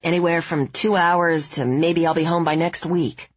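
A woman's voice: low-pitched, steady tone, normal speed, breathy edge, no echo, highs cut off. Woman doing a joking husband voice. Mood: wry joking. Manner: joking tough-guy banter. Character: easygoing husband on a delayed flight, man.

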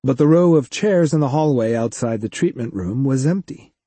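A man reads a story aloud in a scripted, expressive narration. His voice is dark, mellow and slightly husky, with lively swings in pitch. The recording is close and dry. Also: moderate pace, no room sound. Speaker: audiobook narrator.

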